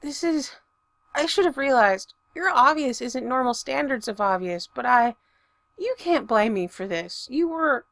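A brooding werewolf man, read by a woman speaks in clipped, hoarse sentences. His voice is gravelly, recorded dry and close. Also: lively intonation, unhurried, a bit bright, no room sound, exaggerated voice. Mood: strained. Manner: low, hoarse and curt. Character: gruff, intense male werewolf alpha.

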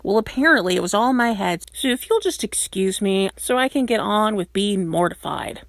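A woman reading aloud and voicing a gruff, awkward young werewolf man who grumbles reluctantly. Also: medium pitch, expressive, fairly quick, no room sound. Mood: gruff grumbling.

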